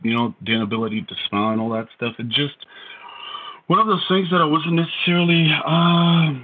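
A man's voice: fairly high pitch, fairly even intonation, a little fast, narrow, tinny audio, a little hiss or hum. A Bulgarian man in his thirties with a Bulgarian accent, a podcast guest telling his story in a wry, self-deprecating way. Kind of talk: casual storytelling interview.

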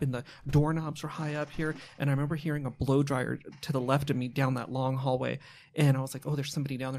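A man in casual podcast chat, recounting his dreams in a rapid, animated way with frequent restarts and blunt swearing. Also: medium pitch.

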